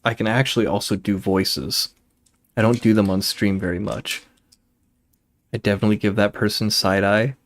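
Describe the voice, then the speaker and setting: Low-voiced man rambling on a game stream. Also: level tone, normal speed. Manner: rambling, goes off on tangents; laid-back, swears casually. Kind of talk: casual chat while streaming a game.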